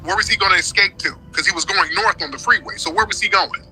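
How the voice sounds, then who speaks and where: A man's voice: high voice, fast talker, sharp tone, low-quality recording. A man hosting a live-stream debate, emphatic and insistent, with a preachy way of making his points. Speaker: host.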